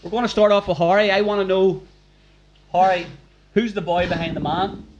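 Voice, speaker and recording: A man's voice: high-pitched, fairly even intonation, normal speed, lo-fi sound, background noise. A man hosting a live podcast recording in front of a room, chatty and encouraging with questions. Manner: upbeat, chatty, prompting questions. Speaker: podcast host. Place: packed function room.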